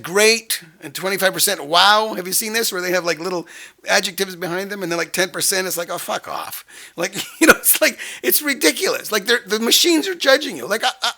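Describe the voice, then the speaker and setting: A middle-aged man with a high, heavily gravelly voice tells a rambling story. His tone is bright and edgy, and he sounds exasperated, restarting his sentences as he goes. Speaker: host. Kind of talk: casual monologue.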